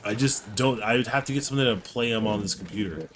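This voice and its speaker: A man's voice: fairly low pitch, quick pace, fairly bright tone, a little hiss or hum. A man co-hosting a live game stream, chatting casually in a rambling, playful way. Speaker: streamer co-host. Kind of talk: casual live-stream chat while gaming.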